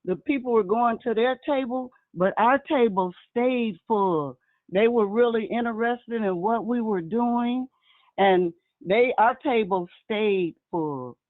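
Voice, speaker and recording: Excited woman telling stories over the phone. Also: on the high side, slow, no room sound. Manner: excited storytelling, addresses listeners as y'all. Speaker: guest vendor sharing her experience. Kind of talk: casual phone-in chat. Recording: tinny phone line.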